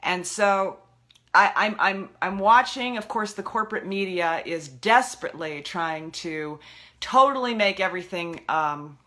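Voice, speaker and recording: A woman's voice: mid-range voice, measured pace, sharp tone. A woman ranting about politics in a frustrated, heated way, often stumbling and restarting her words. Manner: exasperated, ranting, stammering restarts. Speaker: political video blogger. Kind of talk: impassioned political rant.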